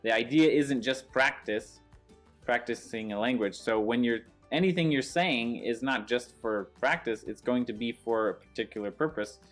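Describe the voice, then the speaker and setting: A man co-hosting a casual chat, explaining his view in a measured way. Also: medium pitch, fairly bright tone, faint music behind.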